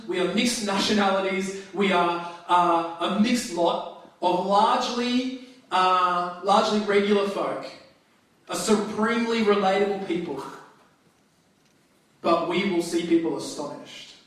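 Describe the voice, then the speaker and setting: A man preaching a sermon as pastor, talking in a conversational, lively way with frequent restarts. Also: high-pitched, a little slow. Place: church hall. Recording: very echoey hall, distant mic.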